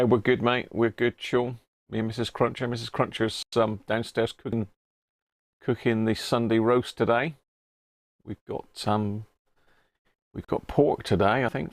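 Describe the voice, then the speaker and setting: A man's voice: medium pitch, no echo. Chatty man, dry close sound. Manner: chatty, greets viewers by name, chuckles often. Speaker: livestream host. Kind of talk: casual live-stream chat.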